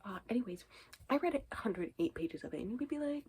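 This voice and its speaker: A woman's voice: on the low side, very animated, fairly quick, darkish tone, slightly rough, rough recording. A woman chatting casually in a reading vlog, rambling and often dropping to a whispered aside, with many ums and anyways. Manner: says 'um' and 'anyways' often. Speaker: book vlogger.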